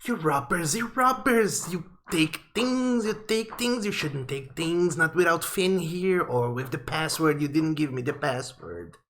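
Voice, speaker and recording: A man's voice: fairly high pitch, animated, a little slow, few pauses, fairly bright tone, slight background noise, pitched above the performer's own voice. A man voicing a fussy, suspicious male owl in a tabletop game; it squawks and repeats itself. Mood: scolding.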